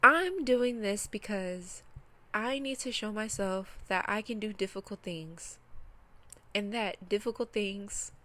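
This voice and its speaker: Speaking slowly in a medium-pitched, pushed and bright voice, a woman opens up to the camera about her grief, nearly crying as she sorts through her feelings. This self-reflection vlogger is candid and emotional, addressing both herself and her viewers in an unscripted personal reflection.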